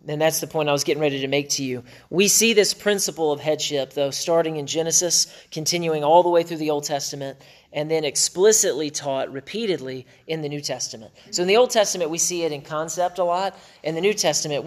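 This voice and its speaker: A man preaching a sermon as pastor, conversational, with quick asides and self-corrections. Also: fairly high pitch. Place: church.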